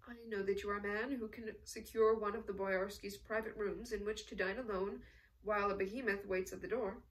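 A woman's voice: mid-range voice, steady tone, fairly quick, distant mic, natural voice, poor audio. A woman reading aloud as a refined aristocratic count, poised, dry and courteous. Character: refined aristocratic male count, composed and witty.

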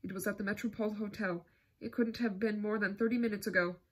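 Desperate noble dad, urgent and pleading, husky, as a woman reads him. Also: mid-range voice, steady tone, fast, natural voice. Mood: explaining. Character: desperate middle-aged aristocrat father.

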